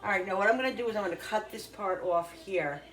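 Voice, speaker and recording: A woman talking casually to her viewers while cooking in her home kitchen, rambling and thinking out loud as she works. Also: mid-range voice, quick pace. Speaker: cooking vlogger. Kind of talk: casual cooking vlog chat.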